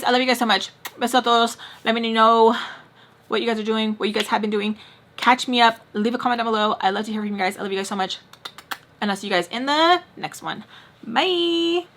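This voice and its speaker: A bright-voiced woman in her thirties chats straight to her viewers. She retells events dramatically, leaning on casual fillers and vivid emphasis. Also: medium pitch. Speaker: storytime vlogger. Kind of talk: casual storytime chat.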